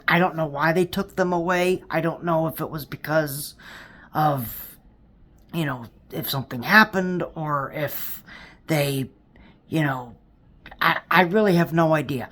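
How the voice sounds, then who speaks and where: Woman theme park vlogger, slightly low voice, rambling and exasperated, heavy on fillers. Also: a bit bright. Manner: rambling, repeats words, many fillers, exasperated. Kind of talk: casual commentary to viewers.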